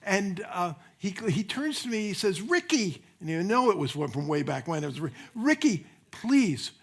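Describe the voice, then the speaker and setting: An older man preaches in a relaxed, anecdotal way, pausing to chuckle and restart his sentences. His voice sits slightly higher than most men's. It sounds like a sermon delivered in a church. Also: creaky. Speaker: minister. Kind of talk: sermon with personal storytelling. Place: church sanctuary.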